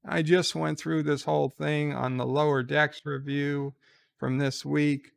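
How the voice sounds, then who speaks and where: A man's voice: fairly high pitch, level tone, takes it slowly, creaky, fairly bright tone. A man giving casual reaction commentary on a trailer, sarcastic and exasperated as he gripes. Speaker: trailer reviewer.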